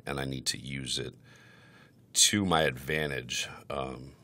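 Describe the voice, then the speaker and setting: A man's voice: a bass voice, fairly even intonation, takes it slowly, sharp tone. A man hosting a podcast, talking in crude casual chat with a brash, mock-aggressive, profane manner. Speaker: podcast host.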